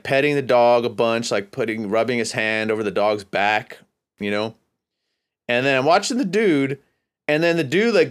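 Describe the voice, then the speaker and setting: A man's voice: medium pitch, clean tone. A man from California hosting a podcast, telling a long, rambling, profane story in a casual, laid-back way. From California, USA. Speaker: podcast host.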